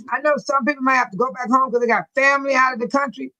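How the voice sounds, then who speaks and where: Woman doing a casual livestream, aave, reads comments out and says exactly what she thinks, kinda high voice. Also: quick pace, few pauses, pushed and bright, rough recording. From Illinois. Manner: outspoken, reads chat aloud and reacts with blunt opinions. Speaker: livestream host reading viewer comments.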